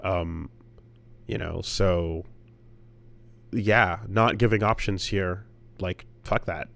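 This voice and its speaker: A man's voice: deep voice, slow pace, vocal fry, a bit bright. A man co-hosting a casual podcast, rambling with lots of fillers, restarts and swearing. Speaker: podcast co-host.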